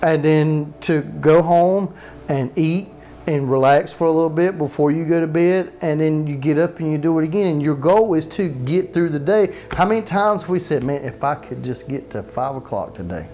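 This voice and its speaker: Higher-voiced man preaching conversationally. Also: moderate pace, warm tone. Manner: conversational preaching, asks the congregation questions; repeats phrases for emphasis, joking asides. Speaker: pastor. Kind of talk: sermon. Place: church sanctuary with live congregation.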